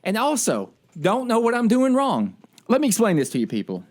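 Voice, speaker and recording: Male podcast co-host, worked-up storyteller with a higher-than-usual voice. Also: brisk. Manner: animated ranting storyteller. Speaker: military service member. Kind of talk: casual podcast chat.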